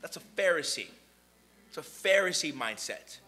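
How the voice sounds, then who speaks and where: A young man delivers a casual, animated sermon in a high, bright, cutting voice. His pitch swings widely as he jumps between plain talk and quoted voices. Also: moderate pace. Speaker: preacher.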